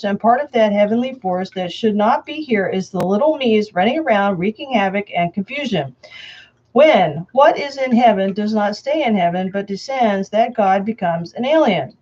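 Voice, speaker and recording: A woman reading a prepared statement aloud, slowly and emphatically. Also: mid-range voice, darkish tone, lo-fi sound. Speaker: self-proclaimed Antichrist answering questions.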